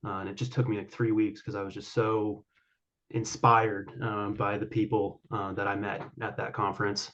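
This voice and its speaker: A man's voice: lowish voice, level tone, normal speed, fairly bright tone, muffled recording, a little hiss or hum. A man being interviewed as an author guest, answering at length with many fillers and restarts. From Colorado.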